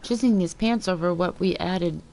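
A woman's voice: on the low side, normal speed, gravelly, a little mellow. A woman streaming a video game, cursing at enemies and talking with her mouth full of food. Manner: profane, short-tempered trash talk at the game; talks while chewing food. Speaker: gaming streamer. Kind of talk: casual let's-play commentary.

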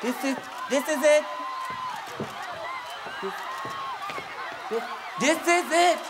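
A man voicing a squeaky, eccentric male pop star in a comedy sketch, breathy and giggly. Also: takes it slowly, crowd noise, noisy background. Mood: excited. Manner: breathy, giggly, keeps saying "Bish".

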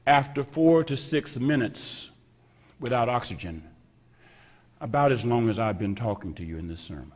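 A man preaching a sermon as pastor, slow and emphatic, repeating phrases with heavy pauses and sometimes dropping to a whisper. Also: medium pitch, lively intonation, a little mellow. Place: church sanctuary. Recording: long reverb of a church hall.

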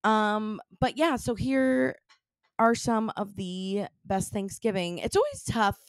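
Lively, playful woman podcast host. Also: medium pitch, slow pace, no room sound, studio quality. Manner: chatty, playful, lots of fillers. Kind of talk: casual chat.

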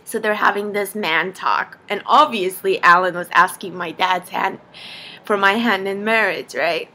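A young woman vlogger telling a story to camera, animated and laughing as she acts out quotes. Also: medium pitch, measured pace. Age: young adult.

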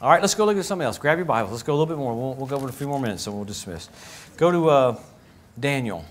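A man preaching a lively, joking sermon as pastor of a church, acting out little voices as he goes. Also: mid-range voice, racing. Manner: animated, jokey, acts out voices.

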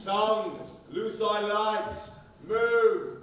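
A man playing a hammy, high-voiced tragic lover. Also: steady tone, extremely slow. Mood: mock-tragic. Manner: overblown mock-tragic declaiming. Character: Pyramus, a lovesick young hero played by a clumsy craftsman. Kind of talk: amateur stage acting. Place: theatre stage. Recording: echoey hall from far off.

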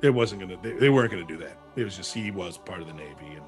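A man, an actor who is a guest on an interview show, chatting casually and telling animated stories with many restarts. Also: low-pitched, rapid-fire, faint music behind.

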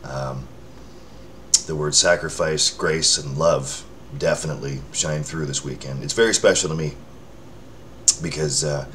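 Man, low register, loose self-mocking vlog chatter, light background noise. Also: fairly even intonation, a little slow, a bit bright. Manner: rambling, self-mocking, with filler words and restarts. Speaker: vlogger checking in with followers. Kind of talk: casual rambling chat to camera. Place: indoors under a lamp near a window.

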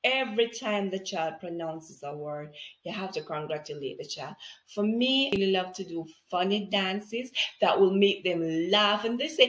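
A woman teaching reading with phonics, speaking slowly and clearly in an encouraging way. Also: medium pitch, lively intonation, fairly bright tone, reverberant. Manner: slow, enunciated, encouraging. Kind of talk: phonics tutorial for parents.

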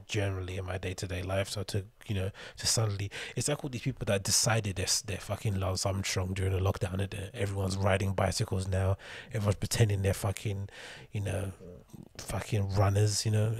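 A man's voice: low voice, level tone, a little fast, a little mellow, breathy edge, dry recording. A young man hosting his own show, rambling casually with sarcastic, swearing asides while reading news aloud. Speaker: podcast host. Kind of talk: casual solo rambling commentary.

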